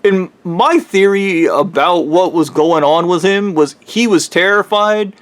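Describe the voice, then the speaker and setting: A man's voice: sits high, unhurried. A man telling a true spooky story in a casual, rambling way, swearing and correcting himself as he goes.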